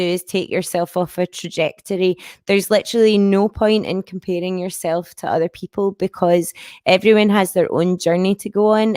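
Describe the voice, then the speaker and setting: A woman in her thirties speaks in a broad Lanarkshire Scottish accent, frank and chatty, dropping fillers as she talks. Her voice sits a little low for a woman. The recording is close and dry. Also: darkish tone, dry recording. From Scotland. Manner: frank and chatty, sprinkled with fillers and a stray swear. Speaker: musician guest. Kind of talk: casual interview chat.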